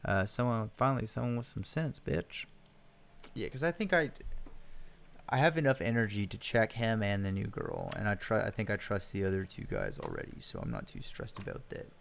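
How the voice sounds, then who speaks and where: A man's voice: on the low side, sing-song, moderate pace, creaky. A young man giving casual let's play commentary on a horror game, joking, swearing and laughing. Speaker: gaming youtuber.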